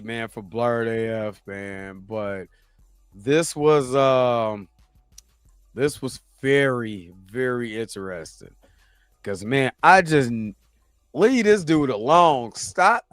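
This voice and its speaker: A man's voice: on the high side, a bit bright, dry recording. A man hosting a reaction video, laughing often and repeating himself in casual chat.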